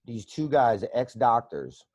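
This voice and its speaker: A man's voice: mid-range voice, sing-song, slow, a little mellow, breathy edge, dry recording, muffled recording. A man hosting a podcast, rambling through profane stories in casual chat on a close mic. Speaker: podcast host.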